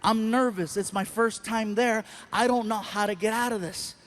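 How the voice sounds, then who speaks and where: A male stand-up comedian telling an animated story on stage and acting out the people in it. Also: high voice, normal speed. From Mexican-American. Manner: animated, acts out voices.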